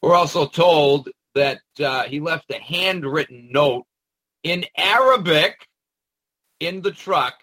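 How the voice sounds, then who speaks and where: Male commentator, mocking and rambling, raspy edge, animated pitch. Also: normal speed, dry recording, poor audio. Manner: sarcastic, mocking asides; rambling with frequent hesitations. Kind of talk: casual monologue commentary.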